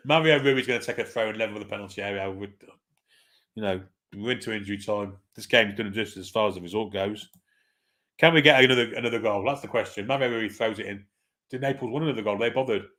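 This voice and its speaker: A man hosting a live football watchalong, calling the play in a relaxed, wry way and chatting with viewers. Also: medium pitch. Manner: laid-back, chatty, wry. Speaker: watchalong host. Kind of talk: casual live match commentary, reading chat.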